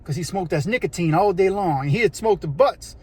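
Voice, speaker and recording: Man, high voice, casual animated prison storytelling. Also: a little fast, husky. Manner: animated, slangy, acts out voices and sounds. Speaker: storyteller recounting prison life.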